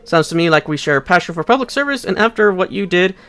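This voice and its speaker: A man reading aloud the lines of an eager young male police officer from a video game, in an earnest, brisk way. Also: sits high, lively intonation, a bit bright, voice pushed up. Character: eager young male cop, boastful maverick.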